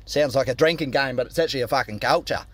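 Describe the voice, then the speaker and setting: A man's voice: mid-range voice, quick pace. An Australian man leaving a recorded voice message, telling a crude, blunt story. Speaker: caller.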